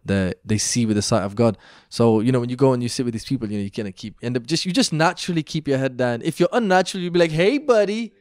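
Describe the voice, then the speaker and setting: A young man, a podcast guest, telling stories in a lively, chatty way, full of slang and fillers. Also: medium pitch, fast, few pauses, no room sound, studio quality. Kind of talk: animated storytelling in casual chat.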